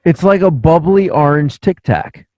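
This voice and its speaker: Laid-back male co-host, slow-spoken, lively pitch, dry sound. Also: dry recording, muffled recording. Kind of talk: casual chat.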